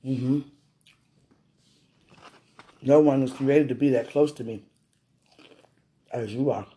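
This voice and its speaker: A man chatting affectionately at home while eating, soft-spoken and often murmuring, in a casual intimate vlog. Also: medium pitch, fairly even intonation, takes it slowly, slightly rough.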